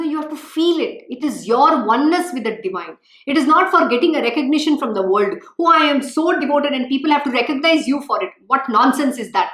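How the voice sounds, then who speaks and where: A woman's voice: sits high, fairly bright tone, echoey room. A woman giving an emphatic, scolding devotional talk as a spiritual teacher, full of rhetorical questions.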